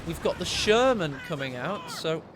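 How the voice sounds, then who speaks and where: A man doing live game commentary, excitable and cheeky, teasing his co-caster. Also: on the high side, moderate pace, background noise. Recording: loud game battle sounds behind.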